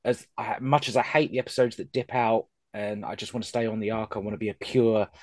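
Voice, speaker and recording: A man's voice: fairly low pitch, fairly even intonation, brisk, no room sound. Rambling man on a dry mic. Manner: rambling, self-deprecating, many ums and restarts. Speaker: podcast host. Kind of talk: casual podcast chat.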